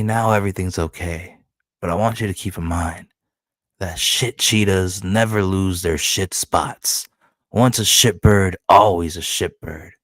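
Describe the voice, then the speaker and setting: A man with a low voice rants angrily on a stream, swearing constantly and piling on insults. The sound is dry and close, with no room echo. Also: fairly bright tone. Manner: angry, profane, insulting, repetitive. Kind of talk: ranting stream commentary.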